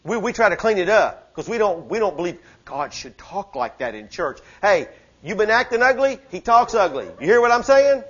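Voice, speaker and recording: High-voiced fervent male preacher. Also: big pitch swings, moderate pace, a bit bright, breathy edge, dull audio. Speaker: pastor. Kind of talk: sermon. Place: church service.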